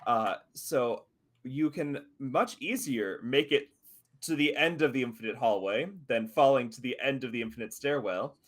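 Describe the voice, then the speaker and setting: A man's voice: mid-range voice, normal speed, fairly bright tone. A man running a tabletop role-playing game on a live stream, narrating scenes in an easygoing way and laughing often. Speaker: game master.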